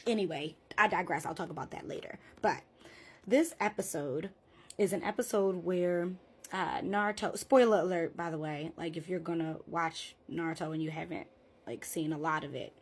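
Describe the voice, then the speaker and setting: A woman's voice: on the low side, moderate pace, slight background noise. A woman therapist chatting in a casual vlog, retelling a story and often checking in with "right?".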